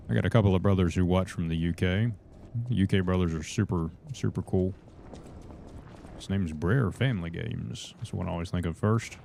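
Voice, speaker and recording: A man's voice: low voice, fairly quick, creaky, darkish tone, slight background noise. A young man with a Southern US accent, chatting folksily with viewers during a live game stream and calling them brother. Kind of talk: casual live gaming commentary.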